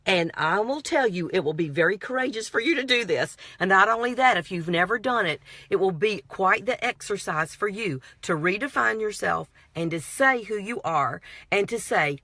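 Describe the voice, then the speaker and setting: A woman's voice: fairly low pitch, vocal fry, fairly bright tone, no room sound. A woman vlogger giving motivational self-help advice, emphatic and repetitive, with a prayerful, coaching manner. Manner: earnest, prayerful sign-off.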